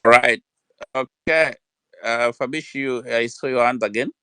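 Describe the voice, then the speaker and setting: A man with a Kenyan English accent hosting a live audio room, calmly calling on speakers. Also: medium pitch, unhurried, smooth, dry recording. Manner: calm, calls on speakers by name. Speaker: host of a live audio space.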